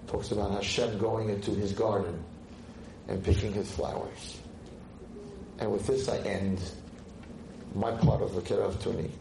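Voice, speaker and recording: Animated rabbi in an echoey hall. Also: male voice. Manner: animated, acts out dialogue with big pitch jumps. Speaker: rabbi lecturer. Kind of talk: inspirational lecture with storytelling. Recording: echoey lecture hall, faint noise.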